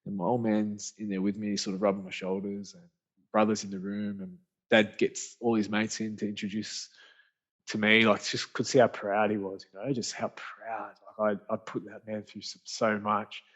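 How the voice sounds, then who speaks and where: An Australian author and speaker, appearing as a podcast guest, tells a story in an animated, rambling way full of slang and frequent restarts. His voice is on the low side and his pace moderate. The podcast audio sounds dull and lo-fi.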